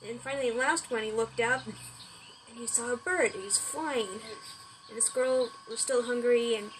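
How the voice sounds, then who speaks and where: A woman's voice: on the high side, moderate pace, background noise. Rambling woman telling a story. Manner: rambling, with restarts and "he's like". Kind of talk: improvised story narration.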